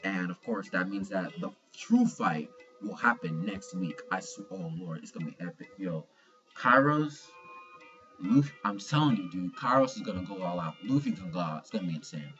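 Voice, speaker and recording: A man giving a casual review of a manga chapter, excitable and slangy, swearing freely and restarting his sentences. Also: low-pitched, moderate pace, dull audio, faint music behind.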